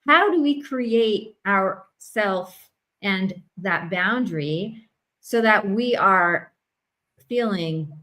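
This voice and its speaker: A bright-toned woman hosts over a video call as a marriage coach. She sounds eager and stops to restart her thoughts with casual asides. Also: mid-range voice, lively intonation, extremely slow, poor audio. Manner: enthusiastic, talks in restarts and asides. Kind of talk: conversational discussion.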